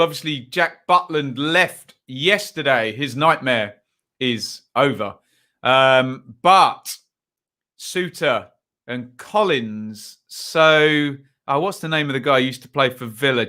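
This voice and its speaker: With a sharp, medium-pitched voice, a young English football channel host runs a live stream, casually going through lineups and viewer comments with frequent ums.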